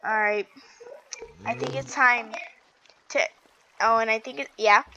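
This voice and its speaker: A woman chatting casually while playing a video game, excitable and giggly, gasping and stammering as she goes. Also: fairly high pitch, measured pace, lo-fi sound, background noise. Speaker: gaming video host. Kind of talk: casual gameplay chat.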